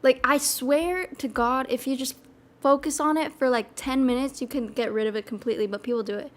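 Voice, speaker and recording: A woman's voice: high-pitched, fairly even intonation, brisk. A young woman chatting casually as a streamer reading chat, rambling, full of fillers and giggles.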